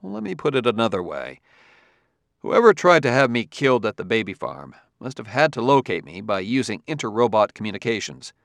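A man's voice: mid-range voice, very animated, fairly quick, vocal fry, fairly bright tone, dry recording. A blunt male detective from Earth keeps pressing his questions, voice lifted and firm, as a man reads him aloud. The sound is close and dry, with no room around it. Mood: accusing. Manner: insistent, cross-examining.

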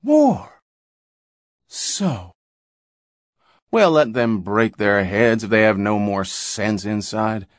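A man voicing a bossy, sharp-tongued older housewife in an audiobook, scolding and nagging. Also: fairly low pitch, expressive, takes it slowly, long pauses, no echo, clean studio sound. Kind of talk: audiobook character reading.

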